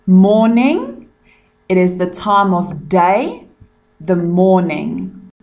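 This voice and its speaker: A South African woman teacher going patiently over tricky words in a recorded lesson, explaining each one clearly. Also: fairly low pitch, very animated, extremely slow, darkish tone.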